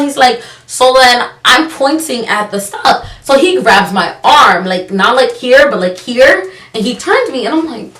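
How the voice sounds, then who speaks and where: A young woman telling a personal story on her vlog, sarcastic and animated, acting out the people she quotes. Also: a little high, unhurried, hardly any pauses. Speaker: vlogger. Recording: roomy, from a distance.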